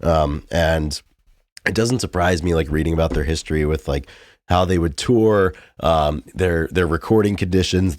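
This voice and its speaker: A man's voice: rumbling low, darkish tone, no room sound, studio quality. A man co-hosting a casual music podcast, rambling and enthusiastic, full of fillers. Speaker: podcast co-host.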